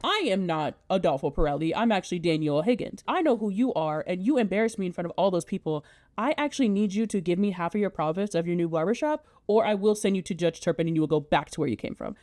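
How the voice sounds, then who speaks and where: A woman's voice: on the low side, expressive, quick pace, darkish tone, dry recording, clean studio sound, natural voice. A woman voicing a menacing male rival barber who speaks in a blunt, threatening way.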